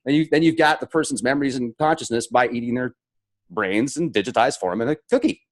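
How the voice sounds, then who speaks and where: A man's voice: mid-range voice, fairly quick. A man hosting his own show, reading out viewer comments and riffing on them in a jokey, mock-dramatic way. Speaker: show host.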